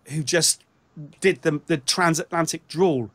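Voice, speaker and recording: A British man with a notably high-pitched voice talks through a casual music chat. He halts and restarts his sentences often, feeling his way toward each point as he goes. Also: a little slow, fairly bright tone. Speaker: show host.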